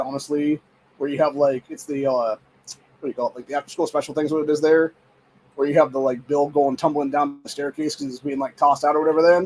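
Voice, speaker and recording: A man's voice: a little high, a little mellow, a little hiss or hum, rough recording. A man hosting a show, ranting angrily in heated, profane, rambling commentary full of fillers. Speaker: show host. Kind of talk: angry political commentary rant.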